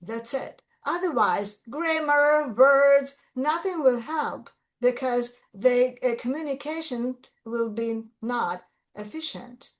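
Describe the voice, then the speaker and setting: A woman's voice: a little high, slow pace, hardly any pauses, poor audio. A Russian-accented woman, an English teacher, explaining things earnestly and stressing her key words in casual conversation.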